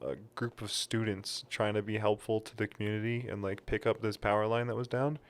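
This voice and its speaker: Podcast co-host, male, low smooth voice, offhand dark-humored banter. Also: little pitch movement, brisk. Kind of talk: casual chat.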